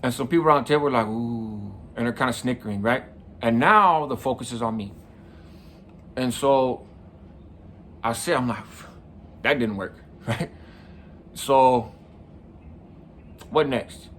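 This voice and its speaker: A man's voice: medium pitch, unhurried, long pauses, fairly bright tone, slight background noise. A middle-aged man from California, the host of a show, telling a personal story in a casual, conversational way, often checking in with the listener. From San Mateo County, California. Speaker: podcast host.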